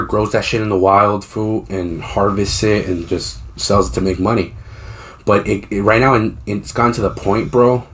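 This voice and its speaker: A man with a fairly low voice tells a story on a casual podcast, swearing freely and circling back with lots of fillers. He slips into the voices of the people in his story as he goes. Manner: acts out quoted voices while retelling. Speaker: podcast host. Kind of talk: casual chat.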